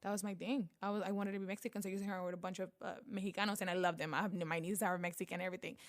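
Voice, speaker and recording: A woman from Panama with a Spanish accent, talking in a relaxed interview. She tells stories with energy and acts out the people she quotes. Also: lowish voice, racing. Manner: animated storyteller, acts out quoted voices. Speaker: guest, beauty vlogger. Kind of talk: casual interview.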